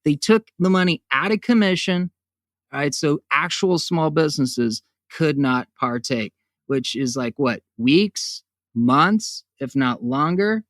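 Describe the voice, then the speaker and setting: A man's voice: fairly high pitch, expressive, slow, a bit bright, no echo, studio quality. A man hosting his own podcast, ranting in a sarcastic, profane monologue that jumps between jokes and voices. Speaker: podcast host.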